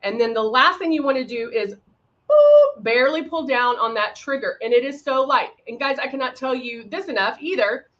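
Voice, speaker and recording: A woman hosting a live makeup tutorial, chatting casually with viewers and filling pauses with frequent ums. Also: sits high, a bit bright, muffled recording. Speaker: makeup livestream host.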